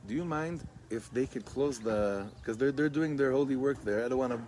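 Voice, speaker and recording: A middle-aged man, a rabbi, gently leading a guided meditation outdoors and chanting a melody, speaking in a halting way as he searches for words. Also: medium pitch, slight background noise. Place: outdoors among greenery with birds. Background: birdsong and music.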